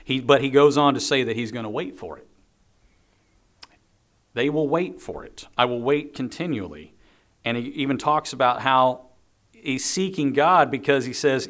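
A man's voice: medium pitch, animated, moderate pace. Man, sermon, earnest, repeats phrases, scripture reading. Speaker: preacher. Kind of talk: sermon on a psalm.

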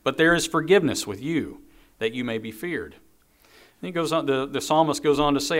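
A man's voice: fairly high pitch, fairly quick, a bit bright. A man preaching a sermon, reading scripture aloud and earnestly repeating key phrases. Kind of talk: sermon on a psalm.

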